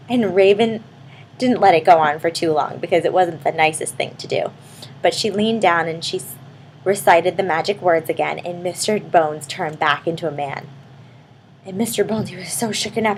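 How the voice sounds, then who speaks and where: A woman telling an improvised bedtime story to a child, speaking warmly and turning to the listener with questions. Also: lowish voice, normal speed, slight background noise, rough recording. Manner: warm, addresses the listening child directly.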